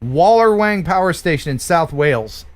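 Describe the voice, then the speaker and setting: Chatty joking American man, higher voice. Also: expressive, moderate pace. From USA. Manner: chatty, joking, prone to restarts. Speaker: live stream show host. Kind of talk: casual live stream chat.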